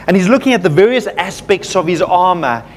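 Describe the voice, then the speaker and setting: High-voiced man preaching conversationally. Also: lively intonation, fairly quick, slight background noise. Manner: conversational, self-deprecating storytelling with fillers. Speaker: pastor. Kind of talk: sermon.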